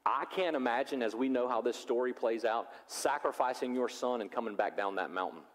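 A pastor preaching a sermon, animated and acting out the characters of the story. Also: male voice, mid-range voice, a little fast. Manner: animated, acts out biblical characters in voices. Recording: long reverb of a large hall.

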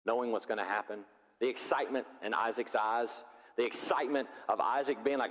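A pastor preaching a sermon, animated and acting out the characters of the story. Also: male voice, medium pitch, brisk. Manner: animated, acts out biblical characters in voices. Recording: long reverb of a large hall.

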